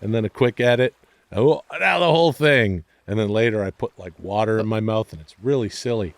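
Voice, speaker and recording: A man's voice: fairly low pitch, fairly quick, no echo. Male comic guest, rambling and swearing, self-deprecating, close dry mic. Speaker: comedian guest. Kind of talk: casual podcast storytelling.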